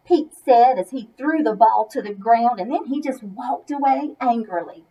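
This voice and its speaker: A high-pitched woman reads a children's story aloud with a lively, swooping voice. She talks at an unhurried pace and stops for chatty asides to her young listeners. The sound is dull and lo-fi. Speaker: masked reader.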